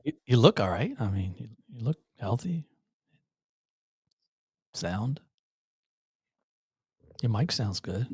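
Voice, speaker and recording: Husky-voiced man teasing his co-host. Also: medium pitch, big pitch swings, takes it slowly, pauses often, darkish tone, no echo, clean studio sound. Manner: teasing, loose, repeats himself. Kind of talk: casual live-stream chat. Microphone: podcast mic.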